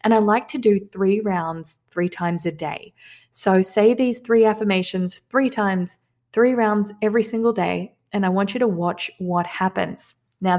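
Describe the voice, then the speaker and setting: A woman who teaches manifestation, leading listeners through affirmations and repeating them slowly and calmly. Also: mid-range voice. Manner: calm, slow repeated affirmations. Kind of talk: guided affirmation lesson.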